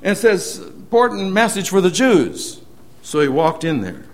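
A man preaching a sermon, earnestly retelling a story and often letting his sentences trail off softly. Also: sits high, sing-song, normal speed.

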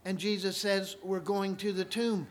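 A man delivering a sermon in a high voice. He speaks at an unhurried pace, moving from quiet storytelling to loud, ringing cries. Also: little pitch movement. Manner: storytelling, swings from soft to loud ringing proclamations. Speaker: preacher.

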